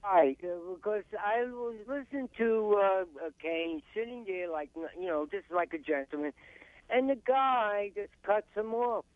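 A man's voice: high voice, animated, unhurried, dry recording. A man with a New York accent calling in to a radio show, hesitant and eager, stumbling over his words. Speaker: caller. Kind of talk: call-in chat. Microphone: telephone. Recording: tinny phone line.

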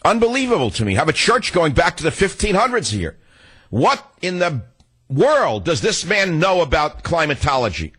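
A man hosting a talk radio show, delivering an indignant, combative monologue with sudden leaps in pitch. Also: sing-song, moderate pace, a bit bright, breathy edge.

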